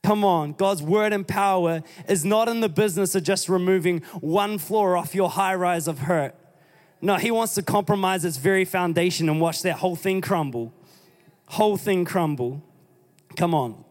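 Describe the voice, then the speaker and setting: High-voiced New preacher in a reverberant hall. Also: male voice, normal speed. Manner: emphatic preaching, reads scripture aloud, rising exhortations. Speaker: pastor. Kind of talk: sermon.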